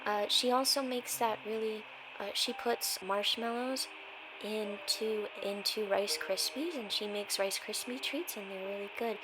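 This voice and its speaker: A woman's voice: medium pitch, fairly even intonation, a little slow, background noise, lightly acted. A woman playing a sweet, earnest little boy. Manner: sweet, reassuring, rambling. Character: earnest cheerful young boy.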